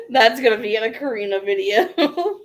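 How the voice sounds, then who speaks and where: A woman vlogger casually reading out viewer questions and answering them frankly in a chatty, slangy way. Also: fairly high pitch. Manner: reads viewer questions aloud and answers offhand. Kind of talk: casual livestream Q&A.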